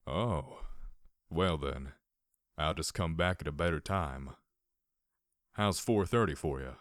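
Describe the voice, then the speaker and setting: A man voicing an old, kindly ghost pony with a feathery, rasping voice, in an audiobook. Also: extremely low pitch, dry recording, clean studio sound, pitched below the performer's own voice. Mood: gently advising. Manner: slow, teasing, kindly. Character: old male pony ghost, gentle grandfatherly drifter. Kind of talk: audiobook character voice.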